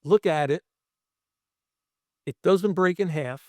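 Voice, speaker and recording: A special effects artist from Brooklyn, appearing as a podcast guest, tells a set story in a slightly high voice, taking it slowly. He swears freely and animatedly acts out the other people involved, with clean studio sound and no echo.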